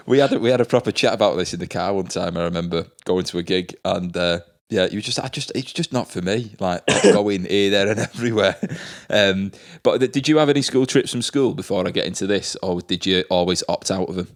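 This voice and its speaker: Low-pitched male podcast host, relaxed chatter, quick to laugh and quip. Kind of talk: casual chat.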